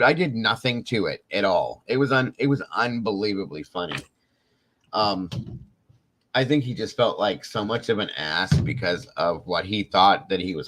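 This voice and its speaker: A man's voice: sits low, a bit bright. A man hosting a show, telling a story in a casual, chatty way, laughing now and then and swearing freely. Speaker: host.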